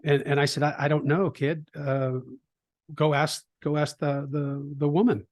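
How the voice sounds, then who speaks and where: Middle-aged male interview guest, animated storyteller, slightly higher voice, many false starts. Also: a little slow. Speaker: trading educator, guest.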